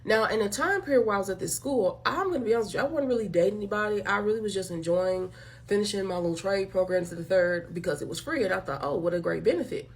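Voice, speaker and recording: A woman's voice: mid-range voice, quick pace. Woman host going off on a rant, blunt and profane, keeps saying y'all to viewers. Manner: blunt, emphatic, profane, addresses listeners as y'all. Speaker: channel host. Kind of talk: direct-to-camera commentary rant.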